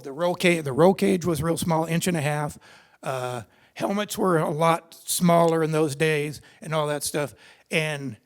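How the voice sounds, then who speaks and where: An older man speaking at a seminar, telling personal racing stories in a rambling, conversational way with many restarts. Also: a little high. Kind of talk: personal storytelling talk. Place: seminar hall.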